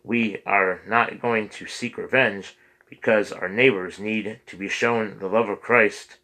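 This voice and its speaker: A man's voice: on the low side, steady tone, unhurried, bright, forceful tone, heavily acted, low-quality recording. A man reading the lines of an earnest priest who pleads with his congregation for peace. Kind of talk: audiobook character reading.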